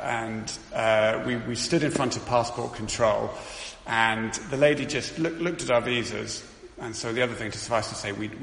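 A man's voice: medium pitch, creaky, a bit bright. A middle-aged man giving an earnest sermon testimony, telling a story with frequent restarts. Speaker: preacher. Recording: roomy hall with long reverb.

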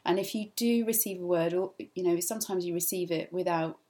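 A woman's voice: on the low side, brisk, mellow. A woman giving an informal church teaching talk. She speaks earnestly and conversationally, with many filler "ums".

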